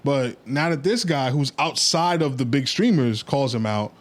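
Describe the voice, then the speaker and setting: A man's voice: medium pitch, normal speed. A man hosts a casual podcast in a loose storytelling manner. He drops blunt opinions in an easygoing way. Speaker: podcast host. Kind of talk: casual chat.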